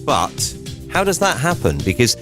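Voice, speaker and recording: A man's voice: mid-range voice, sing-song, normal speed. A man hosting a drivetime radio show, chatting casually in a rambling, musing way with conversational asides. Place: radio studio. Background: music playing.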